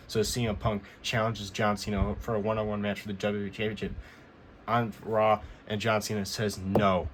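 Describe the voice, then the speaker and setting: A man with a lowish voice talks through a weekly recap in a loose, rambling way, stringing events together with repeated fillers. A faint hiss of noise sits under his voice. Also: level tone, normal speed. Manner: rambling, repeats "he goes" often. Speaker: wrestling recap vlogger. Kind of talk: casual show recap.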